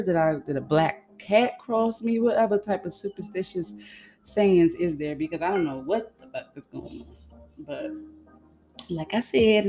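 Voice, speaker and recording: Woman, podcast host, solo venting, exasperated, swears a lot, rambling, lowish voice, background music. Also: dark tone. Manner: frank, exasperated, swears freely, loose run-on storytelling.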